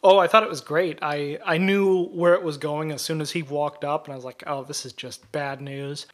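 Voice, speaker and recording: A man co-hosting a casual podcast, retelling a film scene at length in an animated way. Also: fairly high pitch. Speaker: podcast co-host.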